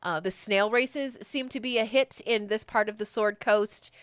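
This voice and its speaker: Woman game master, relaxed chatty narration, dry close mic. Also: medium pitch, normal speed, no room sound. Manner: casual and chatty, with many fillers.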